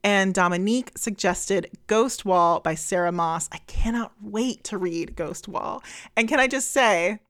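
Relaxed woman reading out book picks. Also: mid-range voice, unhurried, no echo, studio quality. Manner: relaxed, reads listener recommendations. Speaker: podcast co-host. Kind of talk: casual book chat.

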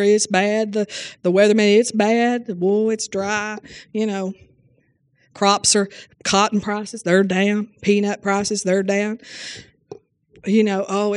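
A woman Bible teacher with a medium-pitched, darkish voice preaches a fervent sermon in folksy, homespun language. She often exclaims hallelujah and amen, questioning her listeners directly and calling on them by name.

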